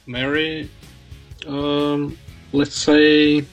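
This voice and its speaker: A man playing in an online quiz, answering hesitantly and softly. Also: fairly high pitch, flat delivery, extremely slow, lo-fi sound, faint music behind. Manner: hesitant, guessing, soft-spoken. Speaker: quiz contestant.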